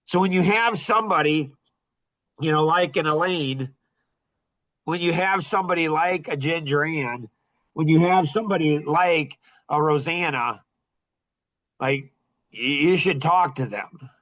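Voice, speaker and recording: A middle-aged man hosting a podcast, telling a story in a casual, animated and heated way, with many restarts. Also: fairly high pitch, measured pace, pauses often. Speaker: podcast host.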